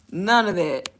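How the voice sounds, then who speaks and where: A woman's voice: medium pitch, a bit bright, slight background noise. A young woman talking candidly in a casual storytime vlog, blunt and slangy, laughing often as she talks. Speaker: content creator and bank call center agent.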